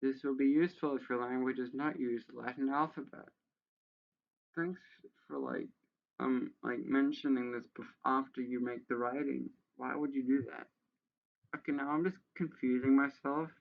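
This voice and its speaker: Man, sarcastic commentary, exasperated and sweary, mid-pitched voice, muffled lo-fi home recording. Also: fairly even intonation, normal speed, creaky. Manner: exasperated, profane ranting. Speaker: video creator. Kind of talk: sarcastic commentary reading a how-to page.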